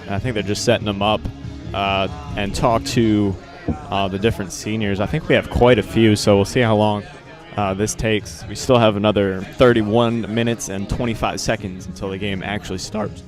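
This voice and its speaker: Low-voiced teen student broadcaster, man. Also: fairly even intonation, normal speed. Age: teens. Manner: rambling, filler-heavy, joking. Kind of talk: casual live commentary chat. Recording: music playing behind.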